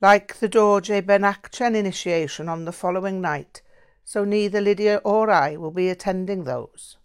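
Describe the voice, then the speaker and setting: A woman's voice: mid-range voice, moderate pace, clear, resonant tone, lightly acted. A woman reading the lines of a Buddhist man who gives information matter-of-factly, in an audiobook. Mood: informative. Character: courteous British Buddhist man, matter-of-fact.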